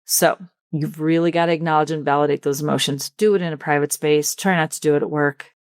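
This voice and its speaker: A woman hosting a solo coaching podcast, talking earnestly and with empathy, and slowing down to stress her points. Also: sits low, steady tone, smooth, no room sound, clean studio sound. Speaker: leadership coach and podcast host.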